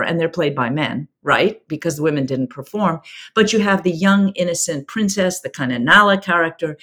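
A woman theater director recounting stories in an interview, reflective and anecdotal with frequent restarts. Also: lowish voice. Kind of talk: interview storytelling.

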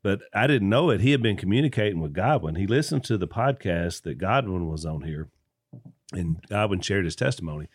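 Guy hosting a podcast, very low voice, dry close sound, earnest and rambling. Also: expressive, brisk, husky, no room sound. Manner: earnest, many restarts and fillers. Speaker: podcast host. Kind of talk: casual conversation.

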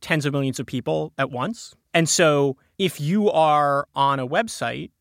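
A man's voice: fairly high pitch, measured pace, creaky, a bit bright, no echo, studio quality. A man casually explaining a technical topic on a podcast, restarting sentences and padding with fillers. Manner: explains with many restarts and fillers, chuckles often. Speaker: tech podcast guest explaining encryption.

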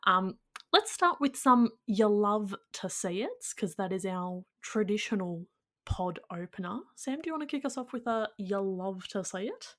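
A woman's voice: mid-range voice, lively intonation, normal speed, a bit bright. A woman hosting a casual sports podcast, bubbly and jokey, laughing at her own slips. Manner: bubbly, jokey, self-deprecating. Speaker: podcast host.

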